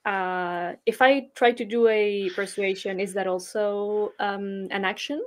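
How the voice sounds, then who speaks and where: A woman's voice: medium pitch, fairly even intonation, measured pace. A woman playing in a casual tabletop game, chatty and playful, asking about rules. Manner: chatty, playful, laughs easily. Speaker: player.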